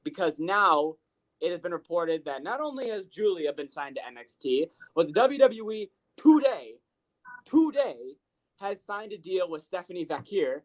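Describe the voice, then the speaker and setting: Chatty podcast cohost, swears a lot, lively rambling, middle pitch. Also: moderate pace. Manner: animated, profane storytelling with lots of fillers. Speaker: podcast co-host. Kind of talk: casual chat.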